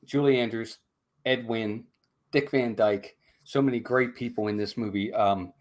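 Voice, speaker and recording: In an unhurried, mid-range voice, a man hosts a casual live-streamed movie review podcast. He's lively, laughs easily, chats with his co-host, and reads a rhyming mock ad.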